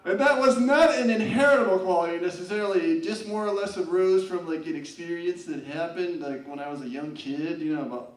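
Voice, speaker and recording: Young man, stand-up comic, rambling with fillers, fairly high voice, echoey lounge, distant mic. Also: brisk, few pauses. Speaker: open-mic comedian. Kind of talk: stand-up comedy. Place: college lounge, live open mic.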